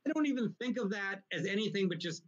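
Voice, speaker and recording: Brief: male comedian guest, high-ish bright voice, rambling and profane, on a muffled lo-fi recording. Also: quick pace. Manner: rambling, profane, animated anecdotes. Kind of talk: casual storytelling in a live interview.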